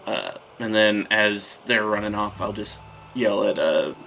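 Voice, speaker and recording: A man's voice: fairly low pitch, unhurried, creaky, pushed and bright, slight background noise, rough recording. A man playing a tabletop role-playing game, talking casually and hesitantly, joking with the others.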